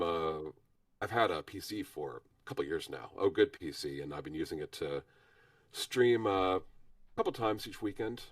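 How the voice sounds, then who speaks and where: A man with a husky voice, hoarse from a cold, chatting modestly as a guest on a livestream and pausing often with fillers. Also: low-pitched, no echo, far from the mic. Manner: modest, halting with frequent fillers. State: hoarse from illness. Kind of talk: casual chat.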